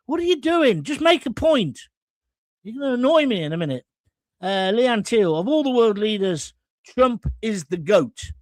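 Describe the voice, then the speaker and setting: A man's voice: high voice, darkish tone, dry recording. Blunt, jokey male host. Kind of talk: live-stream commentary, reading viewer comments.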